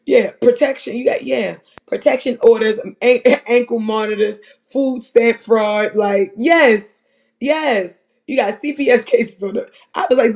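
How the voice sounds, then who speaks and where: A commentator rambling through profane, animated, casual talk about other livestreamers. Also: medium pitch, normal speed.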